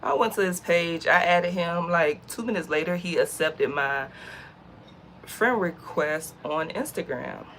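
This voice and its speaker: At a measured pace and in a lowish voice, a young American woman tells a story for her outdoor vlog. She comes across as chatty and animated, using slang, with slight background noise.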